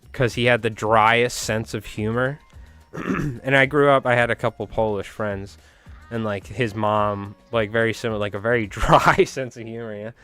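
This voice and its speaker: A man's voice: medium pitch, a bit bright, smooth. A man hosting a fly tying live stream, chatting casually with viewers and rambling through anecdotes with frequent chuckles. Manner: rambling storyteller, chuckles often, talks to chat.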